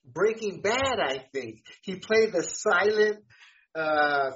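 A man with a high, bright voice asks questions in an easygoing, prompting way. His tone is sharp, and the audio sounds dull and lo-fi. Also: lively intonation, slow. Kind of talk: casual chat.

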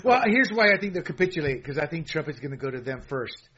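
A man chatting casually about politics, animated and laughing, with many stammered restarts and fillers. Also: fairly high pitch, quick pace, slightly rough. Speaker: co-host. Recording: dull lo-fi audio.

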